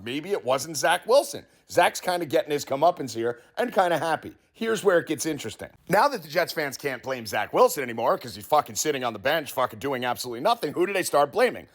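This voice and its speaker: A man's voice: on the high side, fast talker, hardly any pauses. A man hosting a sports betting show, telling a comic conspiracy story with heavy swearing and acted-out quotes. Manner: profane, animated storyteller acting out quotes.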